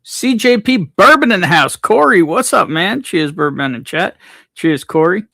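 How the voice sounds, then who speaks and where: A man's voice: high-pitched, sing-song, moderate pace, creaky, sharp tone, dry recording, studio quality. A man hosting a casual livestream, reading out viewers' names from the chat and greeting them one by one. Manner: reads chat names aloud, laid-back. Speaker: livestream host.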